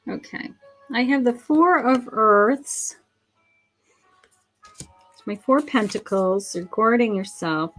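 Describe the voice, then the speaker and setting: A woman psychic reading tarot for viewers on a live stream, her voice sitting a little high. She talks in a friendly, affectionate ramble, pausing on ums and restarting sentences as she turns cards. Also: a bit bright, soft background music. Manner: chatty, affectionate, calls viewers sweetheart and honey; thinks aloud with many ums and restarts.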